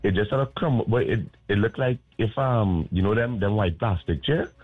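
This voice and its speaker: A man's voice: fairly low pitch, moderate pace, slightly rough, narrow, tinny audio, soft background music. A man chatting on a radio show, loose and repeating "boy" as a filler. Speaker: caller. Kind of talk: call-in radio chat.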